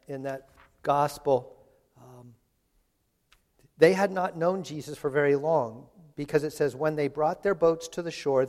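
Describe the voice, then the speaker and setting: A man's voice: on the high side, a little mellow. A man preaching a sermon in a chatty, conversational way, retelling scripture in everyday voices. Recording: long hall reverb.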